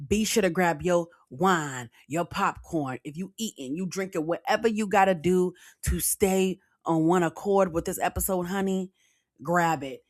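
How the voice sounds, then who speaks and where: A woman's voice: low-pitched, animated, a little slow, dry recording, studio quality. A young woman, hosting a casual storytime podcast and calling listeners girl, child and honey. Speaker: podcast host.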